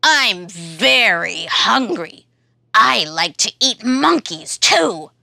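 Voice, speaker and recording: Woman doing a hungry monster voice, slow and bright. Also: medium pitch, big pitch swings, gravelly, no echo, full character voice. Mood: warning. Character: hungry male monster hiding in a house.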